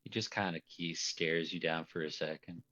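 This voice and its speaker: A man's voice: low voice, steady tone, normal speed, sharp tone, dull audio. A man running a tabletop role-play as game master, talking in a loose, rambling way and laughing often.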